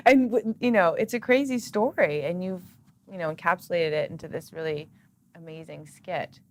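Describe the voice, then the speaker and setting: A woman's voice: fairly low pitch, moderate pace. A woman hosting a casual interview, reacting with enthusiasm and encouraging her guest. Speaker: host.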